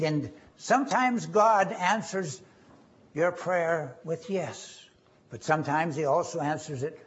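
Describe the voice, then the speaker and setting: Male preacher, sermon, emphatic, quotes scripture, slightly high voice, dull lo-fi sound. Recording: dull lo-fi recording.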